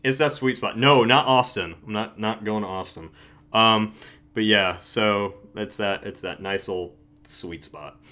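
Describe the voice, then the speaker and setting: A young channel host speaks a little slowly in a low-ish voice that sounds pushed and bright. His casual livestream chat rambles, full of self-interruptions, restarts and frequent laughter.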